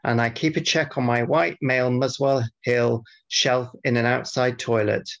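A man co-hosting a podcast, bantering casually and reading out mock-formal feedback in a dry, deadpan way. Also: medium pitch, moderate pace. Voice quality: gravelly, husky. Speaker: podcast co-host. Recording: dull lo-fi podcast audio.

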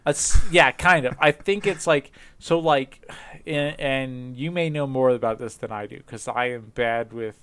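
Rambling man with a smooth voice. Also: mid-range voice. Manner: rambling, halting, many fillers; laughs often, animated when joking. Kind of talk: casual chat.

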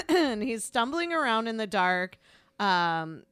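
A woman's voice: fairly high pitch, very animated, slow pace, a bit bright, clean tone, no echo. A middle-aged woman co-hosting a casual podcast, talking bluntly, swearing freely and laughing often. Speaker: podcast co-host. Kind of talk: casual chat.

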